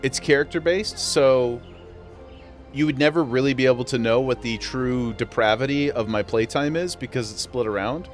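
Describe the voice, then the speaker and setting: A man chatting live on a game stream, in a playful and easygoing way. He laughs often and talks straight to his viewers in a mid-range voice. Soft music plays faintly behind him. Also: mid-range voice, normal speed. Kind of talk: casual live-stream chat while gaming.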